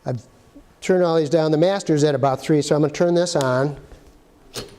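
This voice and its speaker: Man instructor, casual hands-on demo, slightly high voice, echoey hall sound. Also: fairly quick, mellow. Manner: plain, practical, talks while handling gear. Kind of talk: casual how-to demonstration.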